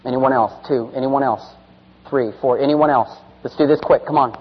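A man preaching a sermon, swinging from loud, urgent delivery to hushed, near-whispered storytelling, then calling listeners forward. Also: medium pitch, fairly even intonation, a little fast, slightly rough. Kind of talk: sermon with altar call. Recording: dull reverberant hall sound.

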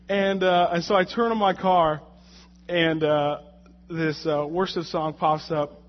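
A man preaching in a loose, conversational way, his slightly high voice jumping around as he tells a funny story from work. He turns loud and heated when he relives the frustrating parts. The sound is dull and lo-fi. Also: normal speed, a little hiss or hum. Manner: animated, jokey storytelling with rising, shouted anger in the retold moments. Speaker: lay preacher. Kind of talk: conversational sermon with a personal story.

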